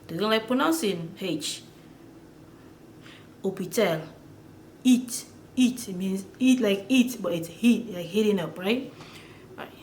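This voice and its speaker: A woman teaching pronunciation in a casual lesson, chatty and repeating words slowly with many fillers. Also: mid-range voice, expressive, darkish tone. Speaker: language teacher. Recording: echoey room with faint noise.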